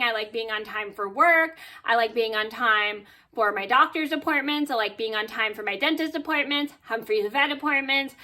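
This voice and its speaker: A woman chats to camera, telling a story from her day. Her voice sits on the high side and sounds bright and a little sharp. She rambles with fillers and tosses in "blah, blah" to skip details. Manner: chatty and animated, with fillers and "blah blah". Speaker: vlogger.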